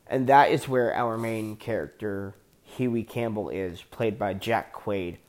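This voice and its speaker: A man's voice: fairly low pitch, slow pace, a little mellow. A man giving a casual, enthusiastic TV show review, rambling with frequent restarts and casual swearing.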